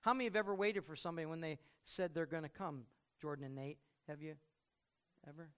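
A middle-aged man preaching a sermon as pastor, telling stories with loud outbursts and quiet reflective stretches. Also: fairly high pitch, fairly even intonation, quick pace, smooth.

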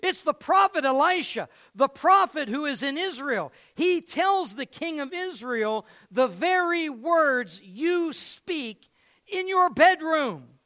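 A man's voice: very high-pitched, sing-song, takes it slowly, bright, forceful tone, voice pushed up, heavily acted. A man voicing an anxious male army officer who answers eagerly in a raised voice.

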